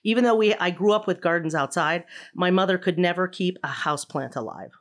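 A woman's voice: on the low side, brisk. A middle-aged woman, a stage actor, telling anecdotes as a podcast guest and laughing often. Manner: animated storyteller, laughs often. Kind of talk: casual conversational interview.

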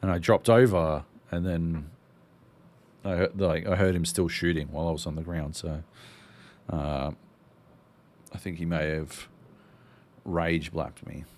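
A man's voice: deep voice, flat delivery, unhurried, long pauses, a little mellow, a little hiss or hum. An Australian man co-hosting a podcast, telling a rambling story full of fillers and swearing. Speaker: podcast co-host. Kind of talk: casual storytelling.

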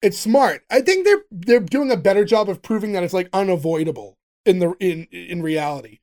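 A podcast co-host in casual chat, retelling a sitcom episode and acting out the lines with animated delivery. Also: mid-range voice, brisk.

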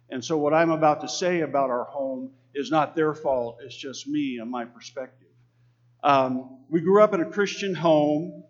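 A man from Texas preaches a sermon in a slightly high voice, earnest and conversational. He calls on the congregation to repeat lines after him. The recording sounds dull and lo-fi. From Texas, USA.

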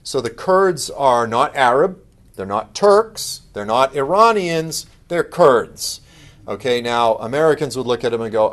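A middle-aged man giving a conversational update, telling stories with plenty of fillers and lively asides. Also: mid-range voice, unhurried. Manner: conversational, animated impressions of others, many fillers. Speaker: speaker giving a ministry update. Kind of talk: casual storytelling talk.

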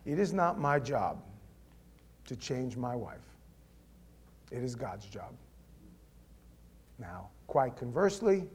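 A male pastor delivering a sermon, direct and conversational, swinging between loud emphatic reading and quiet, intimate asides. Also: medium pitch, slightly rough.

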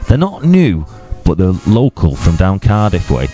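A man's voice: low voice, wildly swooping pitch, measured pace, dark tone, faint music behind. A man co-hosting a podcast in casual, sweary banter, teasing and rambling. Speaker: podcast co-host.

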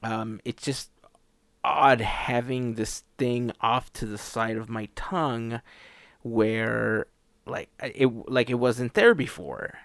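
Creaky-voiced man talking around a retainer. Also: mid-range voice, slow, a bit bright, no echo. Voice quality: trouble with S sounds, slight hiss. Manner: rambling, lots of "like" and restarts. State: slurred speech from a new dental retainer. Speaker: podcast host. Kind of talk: casual chat.

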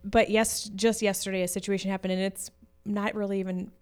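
A woman's voice: medium pitch, little pitch movement, fairly quick, a little mellow, clear, resonant tone. A woman in her forties telling a family story in casual chat, giggling as she goes.

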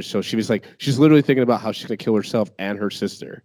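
A man in casual conversation, retelling a story in an animated, profane way. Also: fairly low pitch, racing, dry recording, studio quality. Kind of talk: casual chat.

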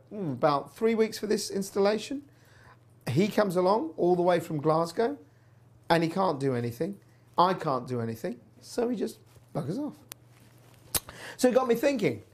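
A man's voice: sits high, darkish tone, slightly rough. A man hosting an energy news show, telling a personal story in a chatty way and acting out the dialogue he quotes. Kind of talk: chatty commentary and anecdote.

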